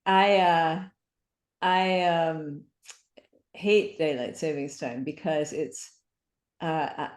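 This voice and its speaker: A woman's voice: low-pitched, fairly even intonation, takes it slowly, pauses often. A woman guest on a video call, talking in a chatty, rambling, apologetic way. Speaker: guest speaker. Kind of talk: casual chat. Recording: roomy echo.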